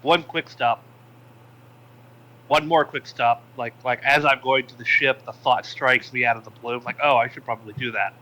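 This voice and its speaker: Bright-voiced guy playing a tabletop rpg, keeps going uh and restarting. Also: medium pitch, steady tone, muffled recording. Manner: halting, full of uh and restarts. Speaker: player. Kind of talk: casual tabletop play.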